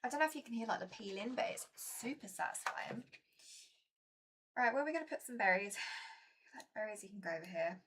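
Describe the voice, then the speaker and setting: A woman's voice: mid-range voice, expressive, a little fast, long pauses, a bit bright, slight background noise. A woman chatting casually to her viewers while playing a board game, chatty and self-mocking.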